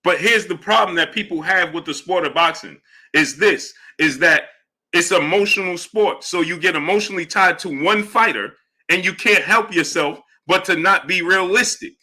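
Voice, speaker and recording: Bright-voiced combative stream host. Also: male voice, sits high, normal speed. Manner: combative, challenges chatters, shouts out viewers. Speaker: boxing livestream host. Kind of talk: live-stream chat, reading donations.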